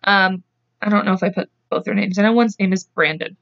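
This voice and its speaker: A woman's voice: medium pitch, steady tone, fairly quick, vocal fry, fairly bright tone. A woman hosting a podcast, telling a true-crime story in casual chat and acting out the quotes in voices. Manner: acts out quotes with voices, laughs often. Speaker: podcast host. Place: home. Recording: dull lo-fi podcast mic.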